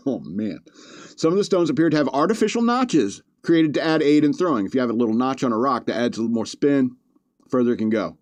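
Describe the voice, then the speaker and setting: A man's voice: mid-range voice, animated, brisk, darkish tone, no room sound. A man hosting a podcast, reading news stories aloud with joking asides and frequent chuckles. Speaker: podcast host. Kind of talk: casual comedic commentary.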